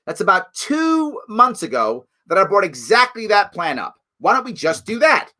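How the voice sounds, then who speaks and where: A man hosting his own political commentary livestream, talking in a sarcastic, animated, mocking way. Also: high-pitched, normal speed. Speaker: show host.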